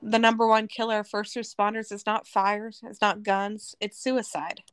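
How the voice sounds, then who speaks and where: A woman's voice: mid-range voice, level tone, moderate pace, clear, resonant tone, dry recording. Earnest woman from Arizona telling her story. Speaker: podcast guest. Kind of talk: personal testimony in conversation.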